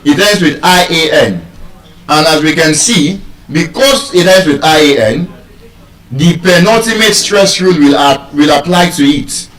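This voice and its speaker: Nigerian teacher drilling word stress. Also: male voice, fairly high pitch, a bit bright. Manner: drawn-out repeated words. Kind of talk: live pronunciation lesson. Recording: echoey room, far from mic.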